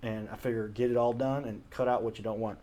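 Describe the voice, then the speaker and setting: A man's voice: mid-range voice, fairly even intonation, fast, dark tone. Man, show host, casual talk to camera, rambling, earnest, self-correcting, home studio. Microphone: camera mic, self-recorded.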